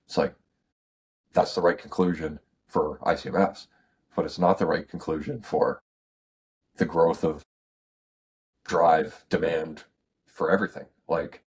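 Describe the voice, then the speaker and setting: A man's voice: a bass voice, fairly even intonation, unhurried, long pauses, a little mellow, a little hiss or hum. A man co-hosting a casual podcast chat, explaining points in a wry tone. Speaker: podcast co-host.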